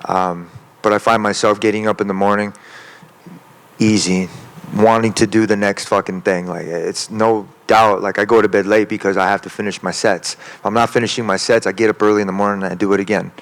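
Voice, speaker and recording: A man's voice: on the low side, fairly even intonation, a little fast. A man, a professional fighter, answering interview questions in an intense, profane, rambling way. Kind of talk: media day interview answers.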